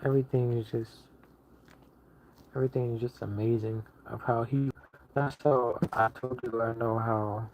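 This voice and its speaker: A man's voice: mid-range voice, fairly even intonation, moderate pace, darkish tone, slight background noise. A man delivers a casual online sermon in a mid-range voice, pressing each point with emphatic repetition and frequent restarts. The recording is muffled and lo-fi. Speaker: lay preacher.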